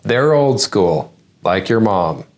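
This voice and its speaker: A man's voice: on the low side, sing-song, takes it slowly. A man hosting a comedy news segment, delivering a satirical monologue with sarcastic punchlines.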